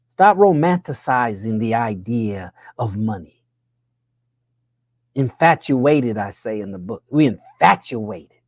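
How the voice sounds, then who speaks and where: Here a man with a darkish tone gives a preacher-style money pep talk, peppering listeners with rhetorical questions. When he pushes a point, his pitch swings up. The sound is dry and studio quality; he's a money coach.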